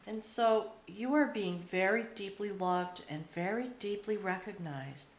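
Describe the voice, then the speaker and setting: A woman giving a spiritual tarot reading, speaking slowly and reverently, often overcome with emotion. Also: mid-range voice, slight background noise. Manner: slow, emotional, reverent, with pauses. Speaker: tarot reader. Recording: roomy echo.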